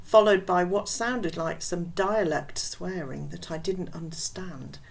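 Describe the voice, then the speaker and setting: A woman reads a children's novel aloud in a casual, chatty manner. Her voice is pitched lower than most women's, and she reads at an easy pace. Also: unhurried, creaky, low-quality recording. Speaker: reader.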